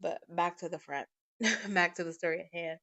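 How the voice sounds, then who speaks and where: A woman hosting a podcast, telling family stories in a casual, animated way and swearing freely. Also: on the low side, normal speed, dull audio. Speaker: podcast host. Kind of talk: casual storytelling monologue. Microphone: podcast microphone.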